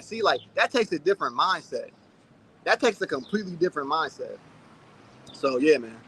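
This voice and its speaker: A man in his thirties chats casually on a livestream, reading comments aloud in a loose, easygoing way. His voice sits high and sounds a bit husky, with a bright, sharp edge. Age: 30s. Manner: loose and chatty, full of "like" and "man". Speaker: channel host.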